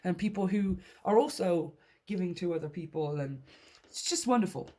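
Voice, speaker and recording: A woman's voice: on the low side, lively intonation, moderate pace, dark tone. A woman giving a casual tarot reading to her viewers, upbeat and encouraging, often laughing and repeating key phrases for emphasis. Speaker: tarot reader.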